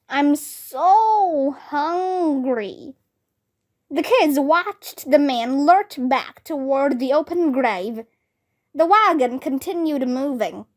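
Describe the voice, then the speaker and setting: A woman reading a children's mystery book aloud in a slow, careful, even way. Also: sits high. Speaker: storybook reader.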